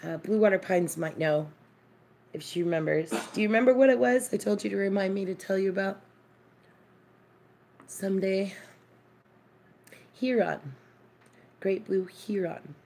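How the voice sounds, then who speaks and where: Speaking at normal speed with long pauses, this kitchen live-stream host has a medium-pitched, creaky voice in a middle register. She greets viewers and tells stories casually and chattily, while a faint room hum sits behind her.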